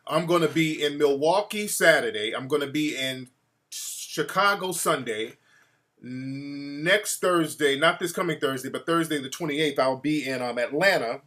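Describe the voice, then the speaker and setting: A man chatting casually to his live-stream audience. His voice is bright and forward, and he talks in a relaxed, slangy way, greeting viewers and giving shout-outs as he goes. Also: fairly high pitch, measured pace. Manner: laid-back slangy talk with many shout-outs. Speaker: livestream host.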